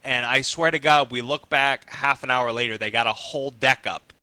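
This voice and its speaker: A man's voice: medium pitch, moderate pace, dry recording. A man on a crude podcast, telling stories and swearing as he goes. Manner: swearing storyteller, quotes others loudly. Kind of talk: crude casual chat.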